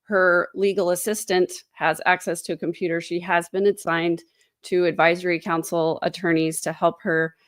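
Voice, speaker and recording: A woman's voice: fairly low pitch, little pitch movement, normal speed, dry recording, clean studio sound. A woman hosting a casual true crime livestream from home, chatty and sarcastic. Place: home, indoors. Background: dogs.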